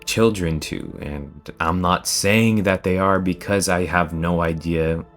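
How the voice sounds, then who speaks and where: A man's voice: sits low, fairly even intonation, slow pace, a bit bright, faint music behind. A man commenting on the topic in a video, speculating and asking himself questions as he talks. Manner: speculative, asks questions of his own. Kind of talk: opinion commentary.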